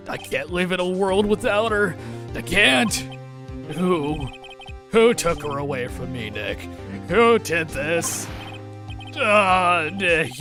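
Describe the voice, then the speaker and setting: A streamer voicing a frantic, melodramatic young man who wails and shouts in despair, with game music underneath. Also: medium pitch, pitched above the performer's own voice. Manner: wailing, shouting, overblown.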